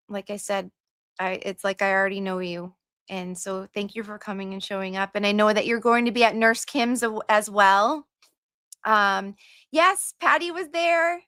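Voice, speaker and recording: A woman hosting a livestream, talking slowly and easily at a middle pitch. She gushes over her viewers and hums small filler tunes while she reads the chat. The recording is dry and close, with little room sound. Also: pushed and bright, clean tone, no echo. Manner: gushing and chatty, sings little filler tunes. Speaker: livestream host. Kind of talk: casual livestream chat reading comments.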